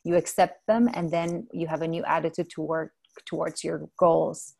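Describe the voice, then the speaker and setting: A woman with a low, gravelly voice, a native Spanish speaker talking in English. She speaks gently and thoughtfully, often stopping to correct herself, in a relaxed interview over a video call. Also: normal speed. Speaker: guest, mindfulness mentor. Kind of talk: casual interview chat.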